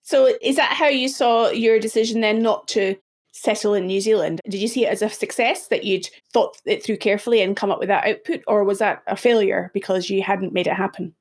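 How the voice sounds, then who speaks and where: A woman hosting a podcast, asking thoughtful, measured interview questions. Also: mid-range voice, fairly even intonation. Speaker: podcast host.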